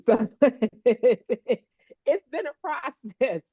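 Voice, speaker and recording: A woman co-hosting a heartfelt casual chat, animated and playful, laughing often. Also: fairly low pitch, moderate pace, dry recording, muffled recording. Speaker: co-host, stroke survivor advocate.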